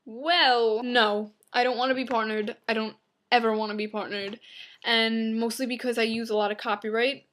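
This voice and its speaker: A young woman vlogger from Long Island reads out viewer questions and answers them in a blunt, flippant way. Her voice sits a little high for a woman, and she throws in quick offhand asides. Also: steady tone, fairly bright tone. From Long Island, New York. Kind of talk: casual Q and A vlog.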